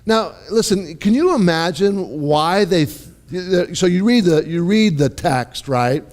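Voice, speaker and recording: A man preaching a sermon in a lively, conversational way, often checking in with his listeners and restarting his phrases. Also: high-pitched, measured pace. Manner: animated, conversational, with repeated "right?" and restarts. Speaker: pastor.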